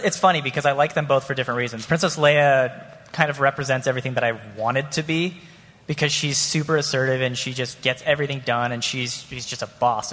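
A man's voice: mid-range voice, fairly bright tone. A man on a convention panel, telling a story in a self-deprecating way and laughing often. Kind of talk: panel discussion. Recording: long hall reverb.

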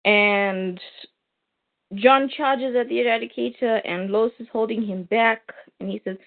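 Woman recapping a comic, slow and chatty, lots of ums, sounds like a phone line. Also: fairly high pitch, steady tone, creaky. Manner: retells the plot with many fillers and asides. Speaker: comic book reviewer.

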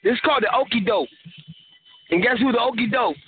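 Heard through a tinny phone line with faint noise and some music behind, a high-voiced radio co-host talks briskly. He jokes, rambles and laughs a lot during the casual call-in banter.

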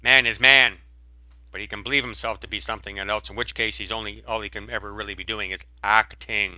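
A man's voice: lowish voice, steady tone, a little fast, no room sound. Ranting man on a phone line. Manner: emphatic, ranting, with sudden loud outbursts. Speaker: guest speaker on a call-in show. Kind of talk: preachy monologue. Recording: tinny phone line, dry.

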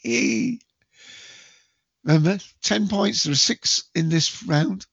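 Gravelly man hosting a movie quiz. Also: high-pitched, measured pace, no echo. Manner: chatty, jokey, self-mocking, acts out movie quotes loudly. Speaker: quiz host. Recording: dull lo-fi dry home recording.

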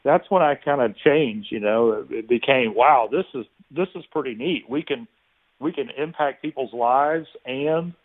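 A man telling a long personal story in an interview, relaxed and anecdotal, acting out the people in it. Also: mid-range voice, a little slow. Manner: relaxed anecdotal, many restarts and quoted dialogue. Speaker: guest. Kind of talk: conversational storytelling. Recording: tinny phone-like line.

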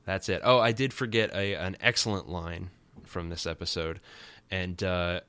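A man's voice: sits low, fairly even intonation, moderate pace, sharp tone, clean tone. A man hosting a podcast, giving a casual comic recap with rambling, wry and sarcastic asides. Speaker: podcast host.

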